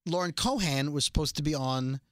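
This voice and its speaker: A man's voice: a little high, brisk, a bit bright, no echo, clean studio sound. A man hosting a podcast, chatting casually in a rambling, self-correcting storytelling way. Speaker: podcast host. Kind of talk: casual chat.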